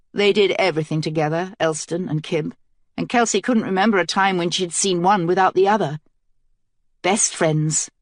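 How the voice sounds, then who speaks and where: A woman with a lowish voice narrates a fantasy audiobook in a measured, even storytelling style. The recording is studio quality with no room sound.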